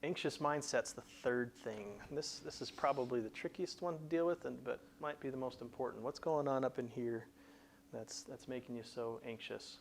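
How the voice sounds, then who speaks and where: A man's voice: medium pitch, moderate pace, gravelly, slight background noise. A man hosting a career advice show, explaining plainly in a conversational teaching style with frequent restarts. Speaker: career coach host.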